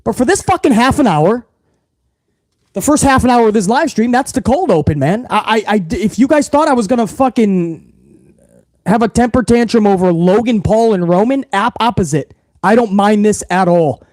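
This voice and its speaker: Profane, high-voiced wrestling stream host. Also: male voice, expressive, moderate pace, a little mellow, dry recording. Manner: profane, fired-up, talks straight to viewers. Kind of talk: casual livestream commentary.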